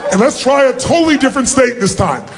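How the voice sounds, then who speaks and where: A man's voice: very high-pitched, lively intonation, a little hiss or hum. A man giving a live motivational seminar to a large crowd, commanding the audience and calling for their responses. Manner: acts out quick mock greetings. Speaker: motivational speaker. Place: large auditorium.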